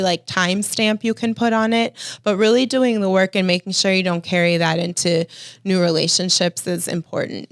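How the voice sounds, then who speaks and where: A woman talks in a relaxed podcast conversation, her voice smooth and clear. She gives advice earnestly and with emphasis. The sound is dry and close. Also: mid-range voice, dry recording. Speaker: podcast co-host. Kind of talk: casual podcast chat.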